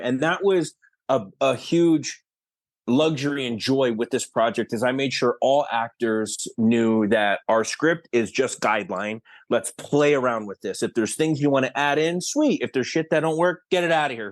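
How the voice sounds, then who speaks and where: A man's voice: mid-range voice, normal speed. A man from Canada, a guest actor and filmmaker, telling stories in a casual podcast interview, acting out quoted lines and laughing often. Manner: animated storyteller who acts out quoted lines and laughs often.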